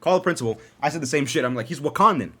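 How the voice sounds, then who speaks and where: A young man hosting a podcast from his dark room at home, telling a story in an animated, profane way and laughing often. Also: mid-range voice, rapid-fire. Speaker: podcast host. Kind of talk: casual storytelling.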